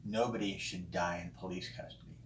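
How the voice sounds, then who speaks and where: Responding to a friend's video, a man with a fairly low, steady voice shares opinions casually, swearing freely. Frequent ums and restarts break up his speech, and the recording has a roomy echo with faint noise beneath it.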